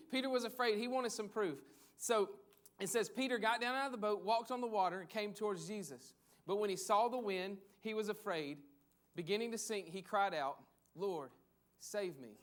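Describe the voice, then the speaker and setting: A man's voice: sits high, fairly bright tone. A man preaching a conversational sermon, repeating phrases for emphasis. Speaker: pastor.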